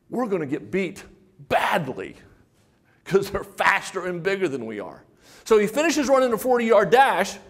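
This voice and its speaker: High-voiced older man giving a sales keynote. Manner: animated storytelling, acts out quoted voices; punchy rhetorical questions to the crowd. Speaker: motivational sales speaker. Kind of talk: keynote speech to an audience.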